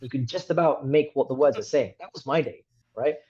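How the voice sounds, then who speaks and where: A British man in his thirties talks as a podcast guest in a husky, slightly rough voice. He rambles candidly from one tangent to the next and pokes fun at himself as he goes. The audio sounds somewhat muffled and lo-fi. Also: mid-range voice, fairly quick, mellow. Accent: British English. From United Kingdom. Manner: chatty, wandering, candid and self-deprecating. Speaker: guest, reciter. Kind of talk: casual interview conversation. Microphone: podcast microphone.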